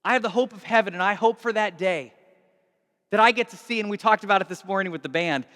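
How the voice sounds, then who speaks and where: A man preaching in a large church, his high, bright voice ringing with a long reverb. He is highly animated, swinging his pitch widely and acting out little dialogues, dropping to a hush one moment and shouting the next. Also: fast talker. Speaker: pastor. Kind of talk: sermon.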